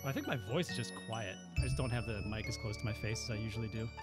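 A man's voice: on the low side, racing, loud music behind the voice. A man hosting casual let's-play commentary, playful and jokey, reading game lines aloud. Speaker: gaming channel host.

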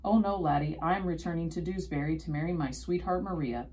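A woman's voice: deep voice, brisk, darkish tone, slight background noise. A woman reading a storybook aloud, voicing an enthusiastic, kindly male music teacher who chirps with eager encouragement.

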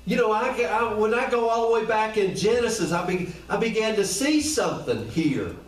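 A high-pitched, animated man preaches an informal sermon at normal speed, speaking colloquially and firing question after question at the congregation. He sounds far from the mic in an echoey room.

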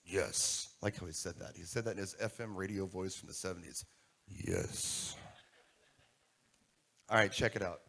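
A man delivers a live keynote to a conference audience, animated and asking the room questions as he goes. His voice is low-pitched and gravelly, fast with few pauses.

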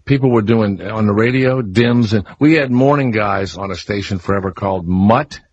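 Middle-aged male talk-radio host, faint Southern accent, husky low voice, lively storyteller, dry lo-fi studio sound. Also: normal speed. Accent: Southern US, softened. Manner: animated storyteller, mimics announcers.

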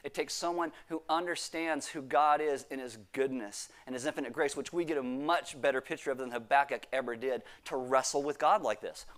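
A pastor preaching a sermon, reading scripture and acting out quoted prayers with sudden bursts of emphasis. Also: male voice, mid-range voice, fairly even intonation, a little fast, few pauses, fairly bright tone.

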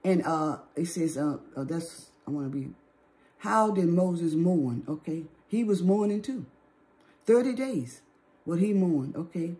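A woman teaching the Bible in an informal sermon, often checking in with "okay?" and slowing down to read scripture aloud. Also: fairly low pitch, expressive, mellow. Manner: repeats "okay?" often, exhorting; reads scripture aloud in slower measured pace.

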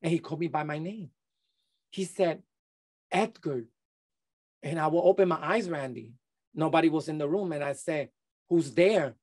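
Middle-aged man, interview guest; halting testimony, lots of restarts. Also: on the high side, a little mellow. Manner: halting, many restarts and repeated words.

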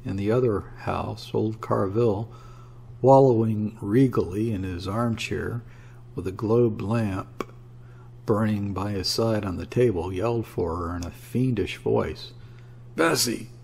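A man narrating a classic story in a measured, dramatic reading. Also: lowish voice, creaky, dark tone, slightly rough. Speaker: audiobook narrator.

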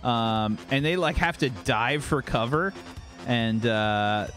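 Male game master, mid pitch, meandering narration, faint music behind. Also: fairly bright tone. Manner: halting, many fillers.

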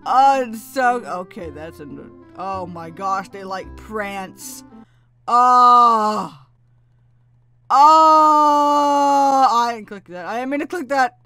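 A woman giving casual gameplay commentary, chatty and excitable with frequent laughs, her voice still groggy and lower than usual from just waking up. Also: measured pace, no room sound, soft background music. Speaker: gaming YouTuber.

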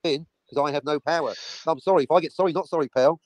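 A man's voice: a little high, fast, rough recording. A man ranting on a stream in a rambling, combative way. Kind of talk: ranting casual chat.

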